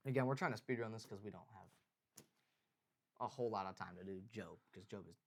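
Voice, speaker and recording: A man's voice: lowish voice, fairly quick, vocal fry. Casual man reading scripture in chat. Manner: animated, reads scripture aloud with frequent laughs and fillers. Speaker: podcast co-host. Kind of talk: casual Bible study chat.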